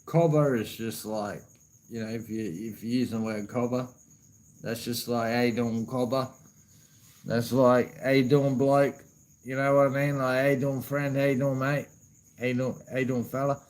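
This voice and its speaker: A man's voice: medium pitch, fairly even intonation, normal speed, darkish tone, low-quality recording. A man with an Australian accent chatting casually to camera in a laid-back way, swearing freely and saying "you know what I mean" a lot. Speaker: vlogger.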